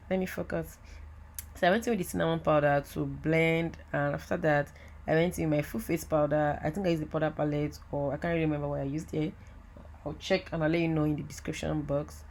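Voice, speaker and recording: A woman giving a chatty, excitable voiceover for a makeup tutorial, talking straight to her viewers. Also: low-pitched. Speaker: makeup artist. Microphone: voiceover mic.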